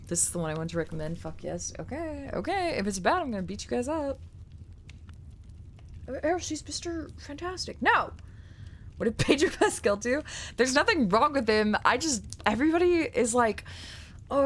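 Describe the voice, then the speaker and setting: A young woman on a live stream, ranting casually with plenty of swearing and mocking put-on quotes. Her pitch swings widely as she talks, and a faint background ambience sits under her voice. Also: slight background noise.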